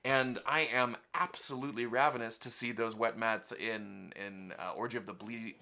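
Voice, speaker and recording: Bright-voiced enthusiastic male host. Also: medium pitch, steady tone, normal speed. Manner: enthusiastic, upbeat interviewer. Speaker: podcast host. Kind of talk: casual interview chat.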